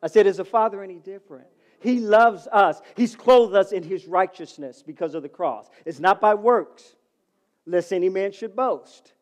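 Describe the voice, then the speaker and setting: A middle-aged man preaching a sermon as pastor, calling out to the congregation and swinging from loud to soft. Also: sits high, measured pace. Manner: calls to the congregation.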